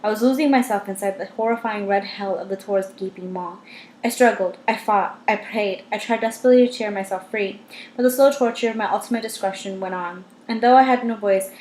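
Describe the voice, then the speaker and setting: A woman's voice: medium pitch, fairly quick, a little mellow, slight background noise. Woman narrating a novel in a roomy echo. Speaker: audiobook reader. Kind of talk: first-person novel narration.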